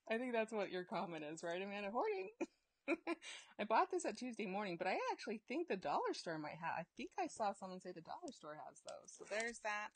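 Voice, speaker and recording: Bubbly woman hosting a live giveaway. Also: medium pitch. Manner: bubbly, laughs often, reads viewer comments aloud; chatty, trails off and restarts. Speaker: host of a live giveaway stream. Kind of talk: casual live-stream chat.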